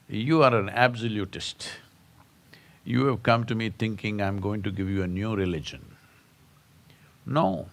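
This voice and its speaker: A man giving a satsang talk as a spiritual teacher, telling stories and prodding his listeners with rhetorical questions. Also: on the low side. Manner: storytelling with jokes.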